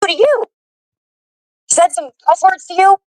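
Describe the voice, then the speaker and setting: A woman's voice: very high voice, animated, a little slow, no echo. A woman ranting with indignant profanity. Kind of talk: angry recorded rant.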